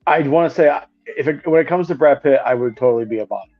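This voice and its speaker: A man's voice: on the high side, fast, lo-fi sound. A man co-hosting a casual movie podcast, cracking crude jokes and telling funny family stories. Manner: joking storyteller, crude banter. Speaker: podcast co-host. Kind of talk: casual movie-review chat.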